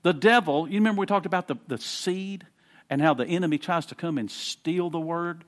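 A man preaching a sermon in a conversational way, often repeating words and swinging between quiet explanation and fervent emphasis. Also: fairly high pitch, brisk.

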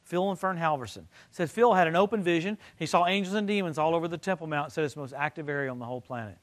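An older man preaching a sermon, telling stories and swinging from loud excited bursts to low quiet stretches. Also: fast. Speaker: pastor.

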